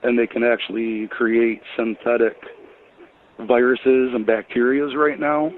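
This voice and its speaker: A man calling in to a radio show, asking a question in a hesitant, halting way. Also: mid-range voice, little pitch movement, slight background noise. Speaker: caller. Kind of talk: call-in question. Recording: tinny phone line.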